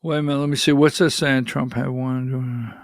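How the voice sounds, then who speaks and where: A man hosts a live political commentary show, sounding agitated and exasperated as he calls instructions to his producer between remarks. His voice is medium-pitched with fairly even intonation at a moderate pace, in studio-quality sound with no room sound.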